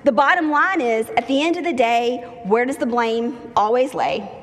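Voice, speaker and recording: High-voiced woman preaching in an echoey hall. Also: moderate pace. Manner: lively, humorous storytelling with acted-out quotes. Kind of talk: sermon. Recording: long hall reverb.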